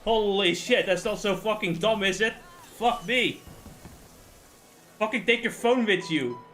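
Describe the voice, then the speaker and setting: A man's voice: high voice, a little slow, slight background noise. Profane ranting young man. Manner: profane, ranting, swings from loud to muttering. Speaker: streamer. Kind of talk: casual venting on a game stream.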